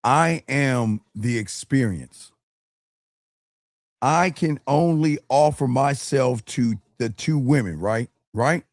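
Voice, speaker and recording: A man's voice: medium pitch, takes it slowly, no echo, studio quality. A man hosting a crude advice talk, brash, mocking and emphatic, swearing often. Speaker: host.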